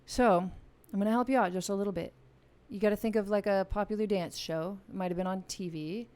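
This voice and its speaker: Speaking fairly quickly in a steady, mid-range, slightly mellow voice, this music channel host runs a live online game. She's playful and chatty, addressing viewers directly through a studio vocal mic in her home music room, where a piano stands.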